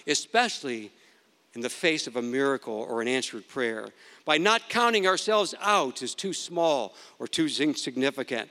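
A man delivers a storytelling sermon, his tone bright and forceful. He acts out the quoted lines with large swings in his voice. A long hall echo trails behind every phrase. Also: a little high. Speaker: preacher.

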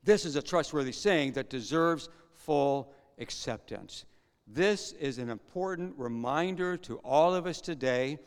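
A man's voice: fairly high pitch, lively intonation, measured pace, smooth. Man preaching a sermon in a reverberant hall. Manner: conversational preaching with rhetorical questions. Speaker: pastor.

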